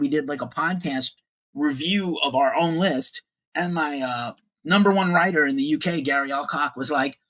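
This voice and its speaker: A man's voice: on the high side, fairly bright tone. A man in his forties hosting a casual livestream news show, opinionated and profane, greeting viewers in the chat.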